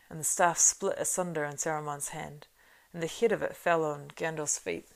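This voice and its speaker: A woman reading a fantasy audiobook, narrating in a steady, unhurried way. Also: low-pitched, vocal fry. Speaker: audiobook reader.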